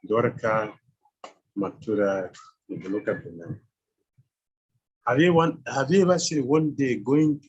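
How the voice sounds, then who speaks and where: A man's voice: mid-range voice, slightly rough, low-quality recording. A man teaching a scripture class who keeps quizzing his listeners with questions and chuckles as he goes. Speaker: spiritual teacher.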